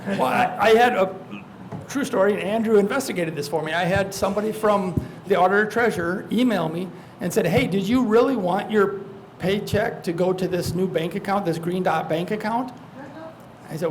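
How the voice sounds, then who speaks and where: A man, a county attorney on a community panel, telling lively anecdotes and acting out scam phone calls. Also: high voice, brisk. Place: church hall. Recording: noisy hall recording.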